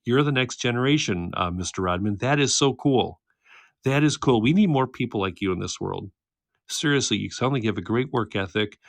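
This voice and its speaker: A man's voice: medium pitch, expressive, fairly quick, vocal fry, no echo. A man in his thirties hosting a casual livestream chat, reading viewer comments, teasing and laughing often. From United States. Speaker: livestream host. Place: home, indoors, by a candle.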